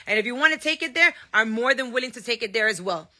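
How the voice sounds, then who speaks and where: A woman's voice: high voice, animated, quick pace, hardly any pauses, sharp tone. A woman giving a heated personal statement, blunt and profane, hammering her points home and slipping a few Spanish words into her English. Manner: angry, blunt, profane, emphatic. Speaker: singer and TV personality.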